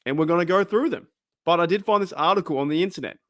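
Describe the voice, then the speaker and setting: A man's voice: on the high side, fast, fairly bright tone, no room sound, clean studio sound. A man with an Australian accent hosting his own fan channel, chatting casually and rambling as he asks viewers questions. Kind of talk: casual chat to camera.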